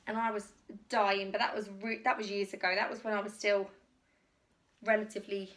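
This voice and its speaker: Bright-voiced chatty English woman, out of breath. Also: medium pitch, level tone, fairly quick. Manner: rambling, self-deprecating, talks while changing clothes. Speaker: YouTuber doing a clothing try-on haul. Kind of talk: chatty rambling vlog. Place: home, indoors.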